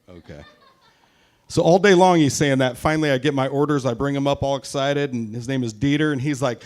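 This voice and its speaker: Forties stand-up comic from Tacoma, foul-mouthed and self-mocking, average pitch, live set. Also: male voice, brisk. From Tacoma, Washington, US. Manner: crude, self-mocking, swears a lot. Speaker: stand-up comedian. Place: live show at a brewery.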